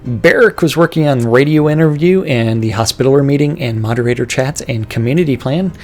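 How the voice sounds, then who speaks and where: Livestream host, a man of average pitch running through a team update list. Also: soft background music. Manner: brisk list-reading, breaking into laughing banter.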